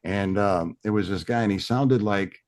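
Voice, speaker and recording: A man's voice: fairly low pitch, moderate pace, darkish tone. A man from South Louisiana hosting a podcast, telling rambling, digressive stories in casual chat. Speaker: podcast host.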